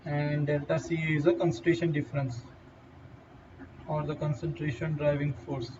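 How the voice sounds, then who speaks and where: A man's voice: fairly high pitch, flat delivery. Indian man lecturing from a distant mic. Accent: Indian English. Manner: halting, with fillers and restarts. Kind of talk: whiteboard lecture. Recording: distant, dull lo-fi mic with faint noise.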